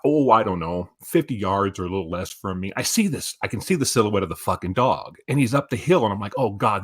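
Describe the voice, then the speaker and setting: Man, 50s, lowish pitch, casual storyteller, swears a lot. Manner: profane, animated storyteller. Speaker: stream co-host.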